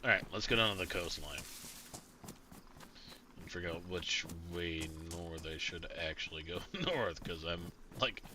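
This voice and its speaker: A man's voice: sits low, expressive, unhurried, background noise. A man streaming a survival role-play game, chatting casually and rambling with plenty of swearing and fillers. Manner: rambling and profane, many fillers and restarts. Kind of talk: casual gameplay commentary.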